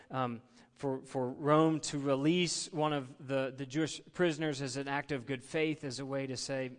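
Bright-voiced male pastor in a reverberant hall. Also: on the high side. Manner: conversational, leads the congregation in call-and-response. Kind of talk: sermon. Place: church sanctuary. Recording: long reverb of a large hall.

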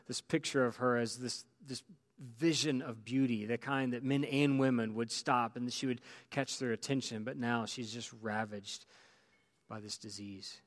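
Pastor telling a story, flat tone. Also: male voice, medium pitch. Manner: storytelling, with restarts and drops to near-quiet. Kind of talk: sermon.

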